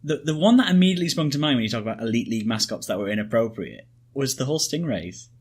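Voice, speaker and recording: Man, husky voice, casual rambling podcast chat, jokey. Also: medium pitch, expressive, fast, darkish tone. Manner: rambling, joking, restarts often. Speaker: podcast co-host.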